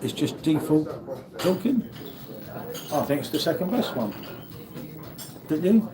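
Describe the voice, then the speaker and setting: A British man with a somewhat high voice chats and jokes with viewers while live-streaming on his phone. A loud, busy airport crowd fills the background. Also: big pitch swings, slow pace. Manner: chatty, jokey, reads out viewer comments. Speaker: beer vlogger on a live stream. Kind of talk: casual live-stream chat. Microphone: phone held by the speaker. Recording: loud crowd noise around.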